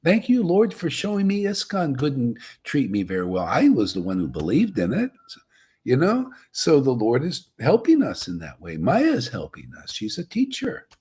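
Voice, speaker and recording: A man's voice: medium pitch, wildly swooping pitch, moderate pace, a little mellow, husky. A man giving a rambling, casual devotional talk as a spiritual teacher.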